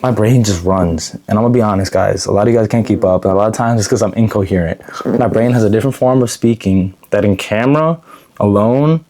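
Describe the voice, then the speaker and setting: A young man talking straight to camera in an unedited vlog, blunt and profane, rambling with restarts and a pace that speeds up and slows down. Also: lowish voice, warm tone. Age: young adult. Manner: quick, shifting pace; frequent restarts and self-corrections. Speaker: vlogger.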